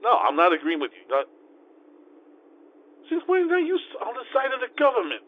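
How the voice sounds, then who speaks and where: A man in a comedy monologue, gruff and profane, arguing, swinging from yelling to muttering. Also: extremely high pitch, huge pitch swings, brisk. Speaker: comedy character monologue, a self-styled lawyer driving. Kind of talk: improvised comic monologue. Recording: tinny phone-like sound with light noise.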